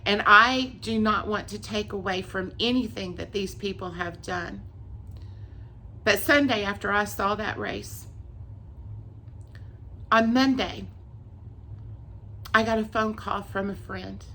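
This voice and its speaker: A woman's voice: mid-range voice, takes it slowly, long pauses, pushed and bright, a little hiss or hum. A woman telling an emotional personal testimony, earnest and tearful, repeating herself as she goes. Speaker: vlogger sharing a faith testimony.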